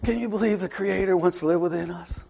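A man leading an informal Bible study, talking in a conversational way that swings from soft asides to raised emphasis and keeps checking in with "right?". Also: sits high, fast talker, creaky, breathy edge. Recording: muffled lo-fi recording.

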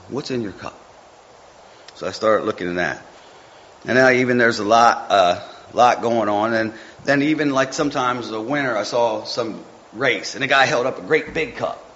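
A man's voice: medium pitch, a bit bright, slight background noise. A man giving an informal devotional talk, folksy and rambling, with chatty asides to the listeners. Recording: muffled with faint background ambience.

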